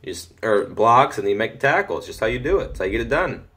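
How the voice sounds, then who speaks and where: A teenage boy casually commenting on a football video game from home, chatty, easily excited and often muttering to himself. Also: fairly low pitch, fast. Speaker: gaming commentator. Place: home room.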